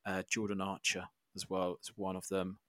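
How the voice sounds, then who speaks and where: A man co-hosting a casual football podcast, calm and measured as he talks through fixtures and quiz answers. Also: deep voice, no echo. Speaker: podcast co-host.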